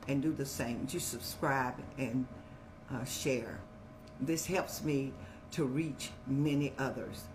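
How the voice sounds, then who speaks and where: An older woman hosting an advice show in a folksy, preacherly way, speaking to viewers like family and telling lively stories. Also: deep voice, a little slow, music in the background. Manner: folksy, preacherly, calls listeners "child"; lively storytelling with animated rises. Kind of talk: warm advice talk to viewers.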